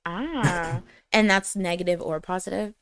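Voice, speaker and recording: A woman's voice: on the low side, a little slow, fairly bright tone, no echo. A woman co-hosting a casual show, reading live comments aloud in a giggly, self-deprecating, rambling way. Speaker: podcast co-host.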